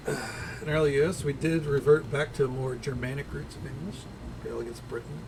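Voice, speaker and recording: A man rambles through relaxed stream commentary. His voice sits at an ordinary pitch with a gravelly, fried texture. His talk is loose and chatty, with casual swearing. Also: normal speed, background noise. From American South.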